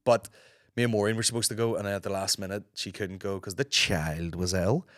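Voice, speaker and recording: A Northern Irish man chats alone into a close, dry mic, his voice a little low and roughened by a sore throat. He talks casually and rambles, throwing in plenty of swearing. He sounds like a man in his thirties hosting his own podcast. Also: brisk, a bit bright, dry recording. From Northern Ireland. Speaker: podcast host. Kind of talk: casual solo podcast chat.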